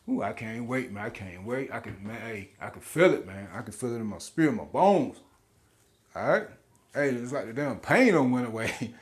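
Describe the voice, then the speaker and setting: A man's voice: medium pitch, lively intonation, moderate pace. A man, giving an informal scripture teaching as a street preacher, slangy and laughing often, with repeated words.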